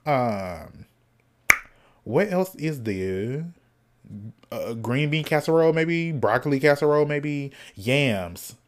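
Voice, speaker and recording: A man hosting a solo podcast in casual chat, sassy and animated, cussing freely and snacking as he talks. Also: on the high side, slow pace. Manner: snacking while talking. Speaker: podcast host.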